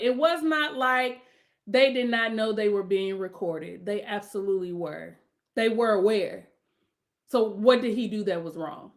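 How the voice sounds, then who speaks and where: A middle-aged woman hosting her own podcast, talking casually and bluntly with strong opinions, now and then rising into loud emphatic outbursts. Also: medium pitch, a little slow. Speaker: podcast host. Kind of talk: casual solo podcast rant.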